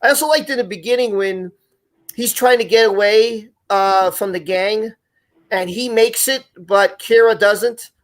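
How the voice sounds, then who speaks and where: A man's voice: sits high, a little slow. A man hosting a live online show, talking casually and rambling with many restarts and repeated words. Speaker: podcast host.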